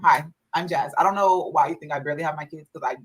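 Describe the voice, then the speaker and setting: A woman's voice: low-pitched, fast, slightly rough, low-quality recording. A mother telling a story in a casual vlog, exasperated and profane, repeating herself as she vents about her kids.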